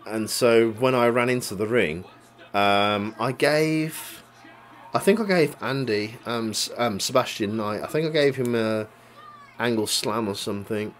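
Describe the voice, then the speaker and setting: A man's voice: mid-range voice, a little slow, soft background music. A young man tells a story in casual chat, swearing a lot and laughing along as he goes. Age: young adult. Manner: swears a lot, recounts a grudge; laughs while telling the story.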